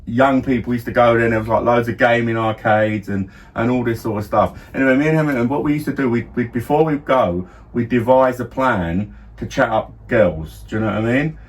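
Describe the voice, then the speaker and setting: A man's voice: mid-range voice, brisk, hardly any pauses. A middle-aged man, co-hosting a casual podcast as a father, telling rambling stories full of restarts. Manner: rambling storyteller, many restarts and laughs. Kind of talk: casual chat. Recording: slightly distant mic, faint room noise.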